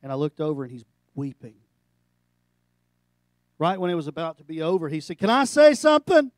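A middle-aged male pastor giving a sermon, animated and storytelling, breaking into jokes. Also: fairly high pitch, brisk, no echo.

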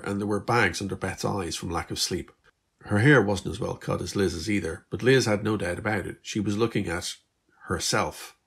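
A man reading his own story aloud in a steady, measured storybook narration. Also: on the low side, gravelly, husky.

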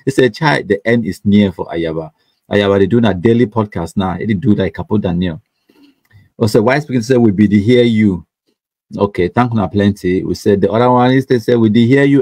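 A man's voice: on the low side, mellow, no room sound. A man with a Cameroonian Pidgin English accent, hosting a livestream and reading out viewer comments in a chatty, mocking way, laughing often and repeating words. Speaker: livestream host.

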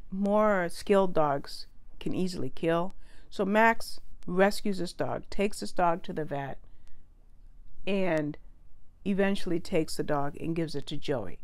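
Chatty woman reviewing books. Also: fairly low pitch. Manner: chatty, self-correcting, sidetracked asides. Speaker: book reviewer. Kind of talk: casual spoken book review.

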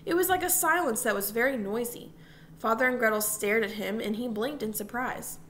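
A woman reading a novel aloud with steady, unhurried narration. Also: on the high side, slight background noise. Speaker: audiobook reader. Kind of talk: storybook narration.

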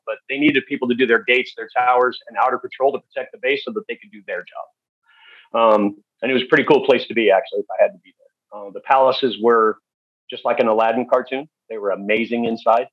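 A man speaking as a podcast guest, telling stories in a candid, halting way with many fillers. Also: medium pitch, dry recording. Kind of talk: storytelling interview. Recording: dull, dry lo-fi recording.

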